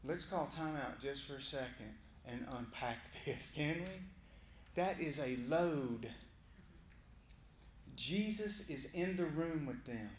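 A male pastor preaching a sermon in a lively, conversational way. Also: a little high, slow pace, echoey room, slight background noise. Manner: animated, conversational, acting out voices of Bible figures.

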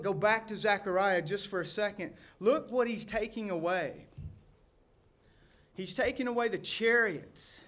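A middle-aged man, a pastor preaching a sermon with animated delivery, shouting quoted crowds and dropping to near-whispers. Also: sits high.

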